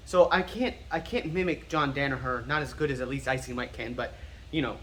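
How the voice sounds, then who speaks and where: Bright-voiced American man teaching pronunciation. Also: medium pitch, a little hiss or hum. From United States. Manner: nerdy, repeats words slowly to drill pronunciation. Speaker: martial arts instructor. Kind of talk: casual explanatory teaching. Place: martial arts school.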